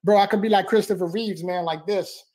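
A man with a high-set voice talks with fervent, motivational energy as a podcast guest. He circles back on his phrases and keeps calling the host bro and man. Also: fairly even intonation, fairly quick, darkish tone.

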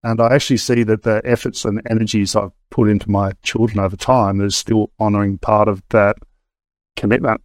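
A man's voice: fairly low pitch, little pitch movement, brisk, dry recording. A middle-aged man, an interview guest telling his story frankly and casually, with many hesitations and restarts. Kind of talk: candid conversational storytelling.

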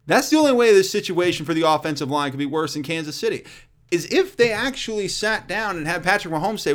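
A man hosting a casual solo sports talk show, blunt and profane, riffing with loud and quiet swings. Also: high-pitched, animated, fast.

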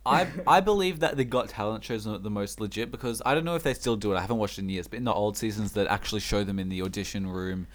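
A teenage guest chats in a relaxed, halting way, stopping and restarting his sentences. His voice sits a little low. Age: teens. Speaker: podcast guest. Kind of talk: casual chat.

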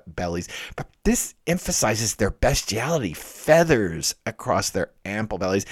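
Animated man giving a literature lecture. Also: mid-range voice, dry recording, clean studio sound. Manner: animated, emphatic, swings between loud stresses and quiet asides.

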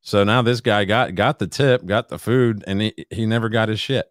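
A man's voice: fairly low pitch, moderate pace, dry recording, studio quality. A man co-hosting a casual podcast, complaining in a sweary, exasperated way. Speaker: podcast co-host. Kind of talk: casual chat.

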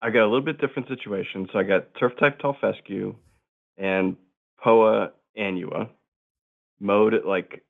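A man's voice: on the low side, moderate pace, gravelly. A man calling in to a lawn-care show, explaining his setup plainly and in turf jargon. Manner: matter-of-fact, uses turf jargon. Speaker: caller. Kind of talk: phone-in question. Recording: tinny phone line.

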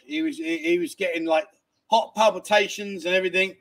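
Man, middle-aged, high pitch, cheeky livestream host, tired. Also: animated, moderate pace, vocal fry, a bit bright. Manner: cheeky, banters and laughs while reading comments. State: tired from lack of sleep. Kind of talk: casual livestream chat reading viewer comments.

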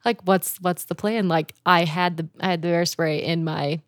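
A young woman telling a camping story in casual chat, animated, laughing often and swearing freely. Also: on the low side, moderate pace, no echo, clean studio sound.

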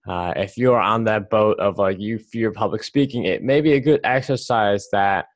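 A male podcast host with a lowish voice muses aloud in a relaxed, meandering way, leaning on filler words as he thinks. The sound is dry and close, with no room echo. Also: normal speed. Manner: loose and reflective, many "like" fillers. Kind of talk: casual podcast conversation.

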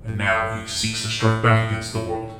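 A man voicing a formal, measured cyborg council leader in a tabletop game. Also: lowish voice, monotone, close to an everyday voice. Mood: stern. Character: stern male cyborg council elder, crab-legged. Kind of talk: tabletop role-play voicing. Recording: echoey, with loud guitar music.

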